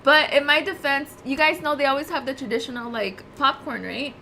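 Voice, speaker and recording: A bubbly woman co-hosting a casual livestream, chatting with viewers and her partner. Her voice sits high and bright in pitch, and she laughs easily. There's a faint hum of room ambience behind her. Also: fairly even intonation, brisk, creaky. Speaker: co-host of a livestream.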